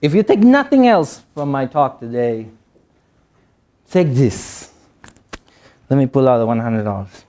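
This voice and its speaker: A man's voice: medium pitch, animated, unhurried, pauses often, dark tone, slight background noise. A young man from Guatemala with a Guatemalan Spanish accent, giving a motivational speech to young people, joking and acting out voices as he tells stories. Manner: joking storyteller, acts out voices. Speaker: motivational speaker.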